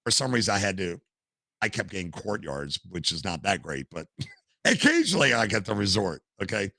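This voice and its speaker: Animated older man, gravelly storyteller. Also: low-pitched, a little fast, dry recording. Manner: animated storyteller, acts out quotes. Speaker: podcast guest, gamer and streamer. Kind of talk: casual storytelling interview.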